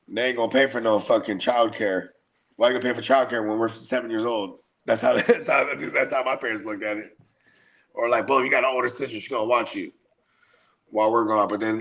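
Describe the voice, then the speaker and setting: A man's voice: medium pitch, creaky, a bit bright. A middle-aged man, a podcast host, telling stories in loose, profane casual chat. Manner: profane, laid-back storytelling.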